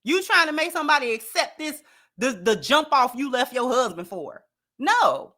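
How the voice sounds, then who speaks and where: A woman's voice: high voice, very animated, normal speed, bright, forceful tone. A woman hosting an opinionated commentary show, speaking emphatically and repeating lines for effect. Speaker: commentary channel host.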